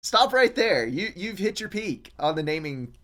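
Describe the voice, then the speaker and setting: A man's voice: high-pitched, big pitch swings, moderate pace, pushed and bright. A man co-hosting a gaming podcast in casual chat, telling things with chuckles and animation.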